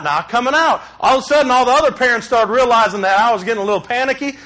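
A man preaches through a personal story. His voice sits high and sounds bright and ringing. He tells the story with animation and acts out the shouting and dialogue. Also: animated, racing, hardly any pauses. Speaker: pastor. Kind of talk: sermon with personal stories.

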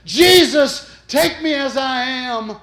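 A woman's voice: high-pitched, slow pace, fairly bright tone, voice pushed up. A male preacher voicing a dying old woman who screams in burning agony with desperate, shrieking cries. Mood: pleading. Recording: echoey room.

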